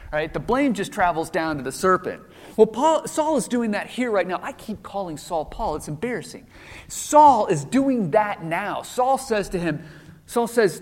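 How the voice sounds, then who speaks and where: Casting: lively male preacher, sermon style, long hall echo. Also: high voice, moderate pace. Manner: animated storytelling with acted quotes.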